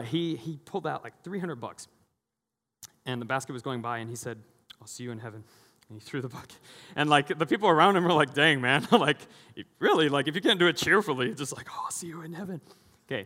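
Pastor, male, mid-range voice, relaxed conversational sermon with lively stories and jokes; church hall with long reverb. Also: medium pitch. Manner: conversational, animated storytelling with asides and jokes. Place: church sanctuary.

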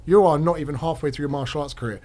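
Quick, chatty man on a podcast. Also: on the high side, warm tone. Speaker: podcast host. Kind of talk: casual chat.

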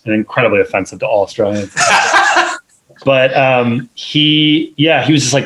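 A man's voice: fairly low pitch, moderate pace, poor audio. A man, a film editor, talking casually in an interview, rambling with many fillers and restarts. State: parent of two little kids.

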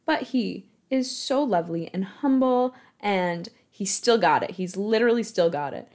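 A woman's voice: mid-range voice, lively intonation, normal speed, darkish tone. A young woman from Michigan in her twenties, chatting casually in a rambling way about her work in theater, full of fillers and self-mocking laughs. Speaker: theater marketing worker. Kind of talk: casual storytelling monologue.

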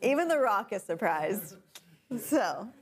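A woman teaching a bible class, unhurried and often laughing with her students. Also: mid-range voice, very animated, a crowd in the background. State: tickle in throat, coughing.

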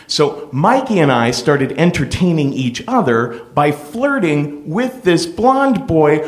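A middle-aged man hosting a podcast, telling a personal story in a playful, animated way. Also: on the high side. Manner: animated, playful, full of impressions. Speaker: podcast host.

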